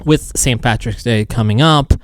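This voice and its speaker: A man's voice: mid-range voice, moderate pace, no room sound. A man co-hosting a casual podcast, joking and rambling with lots of fillers. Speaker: podcast co-host.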